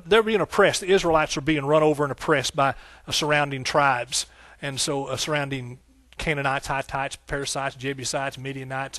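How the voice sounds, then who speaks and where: With a higher male voice, this pastor gives a fervent, rhythmic sermon, repeating phrases and shouting hallelujah while speaking folksily and directly to the congregation. No echo is audible.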